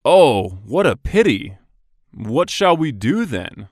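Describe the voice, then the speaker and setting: Male reader for lesson dialogues: slow, clearly enunciated, lively intonation, dry studio sound. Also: mid-range voice, no room sound. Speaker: dialogue reader for English practice. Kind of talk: scripted business dialogue reading.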